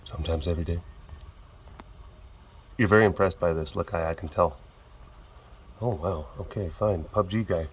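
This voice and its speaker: A man vlogs casually from a big cat compound, phone held close as he films through a glass door, rambling, chuckling, and putting himself down. His voice sits low and moves at a moderate pace with frequent pauses, over slight background noise.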